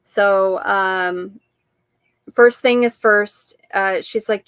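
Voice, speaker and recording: A woman's voice: medium pitch, steady tone, drawn-out words, smooth, no room sound. A woman hosting her weekly live-stream chat, talking in a rambling, chatty way with frequent laughs.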